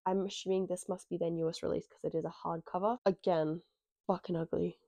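Australian woman vlogger, nasal from a cold, warm tone, excitable and casual. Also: lowish voice, fast, creaky, no room sound. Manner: chatty, excitable, swears casually. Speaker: book vlogger. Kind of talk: casual chat to camera. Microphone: dedicated microphone close up.

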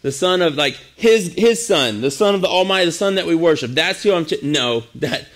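A man's voice: fairly high pitch, lively intonation, a little fast, fairly bright tone. A man doing a flustered teenage girl. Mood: disbelieving. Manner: flustered, stammering. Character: startled teenage girl Mary, disbelieving.

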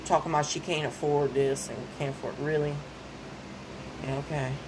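A woman's voice: low voice, fairly even intonation, moderate pace, noisy background. Worked-up young woman ranting. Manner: ranting, repeats phrases, gets worked up. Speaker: vlogger. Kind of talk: casual venting monologue.

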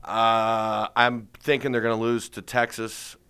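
Man, comedian guest, bright voice, rambling jokey storytelling, casual interview. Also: fairly low pitch, flat delivery, measured pace, clean tone.

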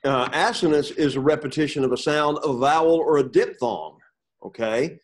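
A man teaching a Bible class to students, pausing often, repeating words and checking in with "okay?". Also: fairly high pitch. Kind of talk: classroom lecture with questions to students.

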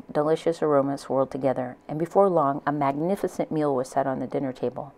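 Low-voiced woman reading a storybook. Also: darkish tone, poor audio. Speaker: audiobook reader. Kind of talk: reading a children's novel aloud.

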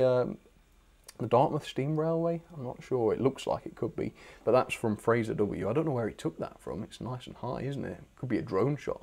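Chatty British man with gravelly voice. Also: mid-range voice, dark tone. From Britain. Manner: chatty, enthusiastic, self-deprecating asides. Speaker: channel host reading viewer requests. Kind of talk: casual live-stream chat.

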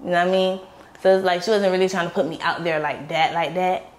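A woman's voice: on the low side, steady tone, fast talker. A young woman, an interview guest, tells her story candidly in a blunt, profane way and acts out the voices of the people in it.

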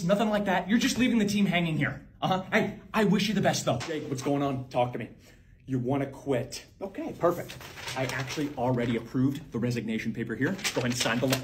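A young man performing one-man comedy sketches, switching between sarcastic, shouting and soft-spoken characters. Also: high-pitched, a little hiss or hum.

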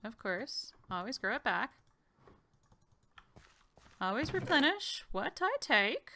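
Lively, bright-voiced woman chatting through gameplay. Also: fairly high pitch, slow pace, slight background noise. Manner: chatty, talks to game characters, sometimes whispers asides. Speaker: game video host. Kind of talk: casual gameplay commentary.

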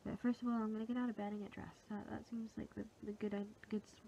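A woman's voice: mid-range voice, flat delivery, fast, creaky, mellow, muffled recording, a little hiss or hum. A young woman with a sore throat, chatting casually and rambling through her plans in a home vlog. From England. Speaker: vlogger. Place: at home, indoors.

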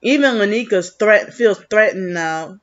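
A woman's voice: mid-range voice, animated, a little slow. A woman vlogging in a rambling, agitated, accusatory monologue, full of restarts. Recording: muffled lo-fi recording.

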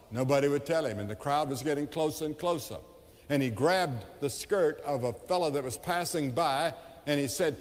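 Casting: a male evangelist, somewhat high voice, passionate storytelling sermon, big hall echo. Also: moderate pace. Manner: impassioned storytelling with dramatic rises and hushed drops. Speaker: evangelist preacher. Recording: long reverb of a large hall.

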